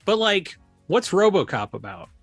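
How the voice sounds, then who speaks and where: A man co-hosting a casual movie review podcast, riffing sarcastic, deadpan jokes. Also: high-pitched, normal speed, vocal fry, husky, no room sound, faint music behind. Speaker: podcast co-host.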